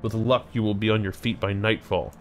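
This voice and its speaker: A man's voice: on the low side, fairly even intonation, a little fast, a little hiss or hum, lightly acted. A man reading a sneering, peevish shopkeeper. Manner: cutting, sarcastic.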